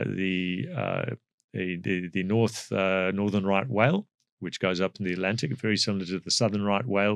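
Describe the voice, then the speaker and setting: A middle-aged man with a South African accent, speaking as an energy expert in a podcast interview, measured and explanatory with frequent fillers. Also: on the low side, vocal fry, fairly bright tone, no room sound, clean studio sound.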